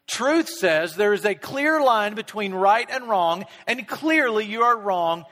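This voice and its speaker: A male pastor preaching a conversational sermon, slipping into quick impressions of everyday people. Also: sits high, expressive, bright, forceful tone, big-room sound. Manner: conversational, acts out people's voices in quick asides.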